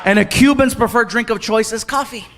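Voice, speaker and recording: Animated male stand-up comic, high voice. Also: fairly quick. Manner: animated, acts out voices and yells punchlines. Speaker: stand-up comedian. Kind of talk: stand-up storytelling. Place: theater stage. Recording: live show with loud crowd and noise.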